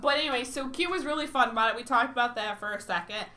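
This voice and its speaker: A woman co-hosting a podcast, telling stories in an animated, casual way. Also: on the high side, fast. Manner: animated storyteller, laughs easily. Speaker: podcast co-host. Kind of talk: casual chat.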